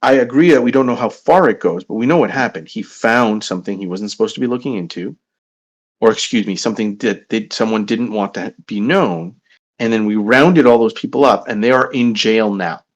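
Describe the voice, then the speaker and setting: Man, tabletop player, low voice, deliberate, plan-laying. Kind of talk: tabletop game discussion.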